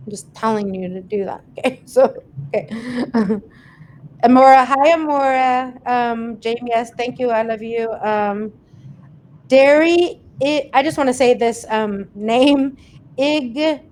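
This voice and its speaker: A woman's voice: on the high side, measured pace, darkish tone, slight background noise. A woman hosting a casual livestream, chatting and laughing as she reads out viewers' comments and thanks them by name. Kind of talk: casual live chat.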